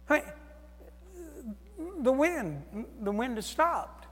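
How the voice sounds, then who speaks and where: Male preacher, higher voice, dramatic sermon delivery with loud and hushed swings, reverberant sanctuary sound. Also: slow. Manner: animated, acts out voices of Jesus and disciples, swings loud and soft.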